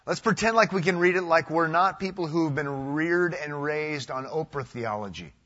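A pastor preaching a sermon, a man from the United States with a husky voice, swinging between loud emphatic passages and hushed, quiet ones. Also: fairly high pitch, normal speed, highs cut off.

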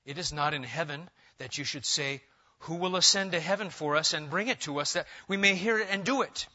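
A man with a high, bright voice preaches a sermon, rising to loud emphatic stretches and dropping to quiet asides. The recording sounds dull and lo-fi. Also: fairly quick. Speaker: pastor.

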